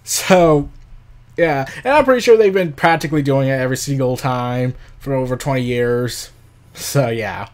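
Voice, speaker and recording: A man's voice: mid-range voice, moderate pace. A man hosting an unscripted commentary show, talking in a rambling, sarcastic way with frequent laughs and the odd swear word. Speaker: podcast host. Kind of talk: casual commentary.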